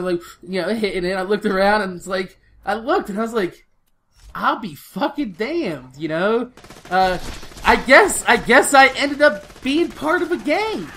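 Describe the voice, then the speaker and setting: A man's voice: high voice, sharp tone. A man in his late twenties, a gaming channel host, telling a long story in a rambling, heavily profane street-slang way. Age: late 20s. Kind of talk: storytelling over gameplay.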